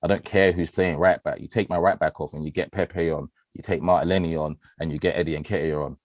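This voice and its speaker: A man talks football on a podcast in a low, deep voice. He is animated and slangy, swears casually and laughs a lot. His voice is recorded close and dry, with no room sound. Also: a little fast, dry recording. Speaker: podcast co-host, football fan.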